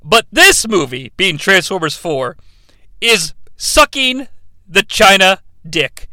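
A man's voice: high voice, sing-song, takes it slowly, bright, forceful tone, no room sound. A man reviewing a movie in a sarcastic, profane, rambling comedic rant.

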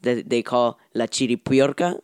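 A young man hosting a podcast, chatting loosely and swearing freely. His voice sits in a middle pitch and sounds dry and close to the mic. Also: normal speed, a little mellow, clear, resonant tone, no echo. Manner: loose, profane, laid-back storytelling. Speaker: podcast host. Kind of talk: casual podcast banter.

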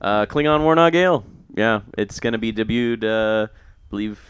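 Low, very clear-voiced man. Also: normal speed, no room sound, muffled recording. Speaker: podcast panelist. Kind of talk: casual chat.

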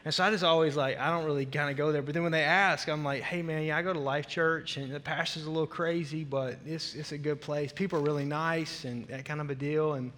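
A middle-aged man with a Southern US accent gives a church welcome as senior pastor, chatty and joking, rambling with restarts. His voice is bright and sits a little high. He speaks into a stage mic, and the large hall around him rings with a long reverb. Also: fairly even intonation, fairly quick, few pauses.

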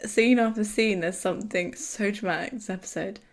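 A young woman co-hosting a podcast, chatting excitedly as she recaps a TV episode. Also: medium pitch, normal speed. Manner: chatty, excitable, acts out character quotes. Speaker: podcast co-host. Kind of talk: casual TV recap chat.

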